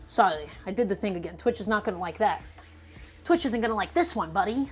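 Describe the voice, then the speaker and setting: A woman's voice: mid-range voice, expressive, fast talker, breathy edge, faint music behind. Playful mock-dramatic woman streamer. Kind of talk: live-stream cooking chat.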